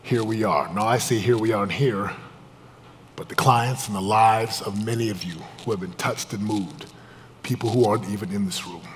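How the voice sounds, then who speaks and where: A man giving a live motivational talk as a business coach, intense and emphatic, swinging between loud pushes and hushed, low confessions. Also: moderate pace, slight background noise. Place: event room with a live audience. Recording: long reverb of a large hall.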